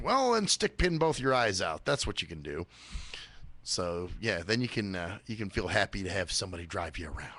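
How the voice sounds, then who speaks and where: Gravelly, profane talk-radio man. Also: animated, moderate pace, a bit bright, dry recording. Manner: rambling, swears a lot, mimics others in high voices. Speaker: radio show host. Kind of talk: casual profane monologue.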